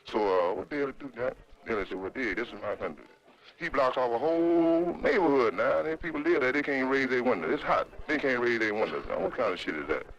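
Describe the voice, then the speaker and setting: A man in a heated interview, talking in animated, rambling street slang. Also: medium pitch, brisk, hardly any pauses. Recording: dull 1960s documentary film audio.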